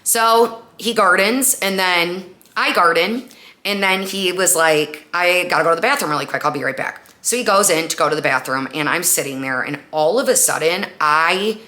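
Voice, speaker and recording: Young woman, podcast host, low voice, bright edge, casual storytelling, chatty, lots of "like". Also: moderate pace. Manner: chatty, animated retelling with frequent "like" and acted-out quotes.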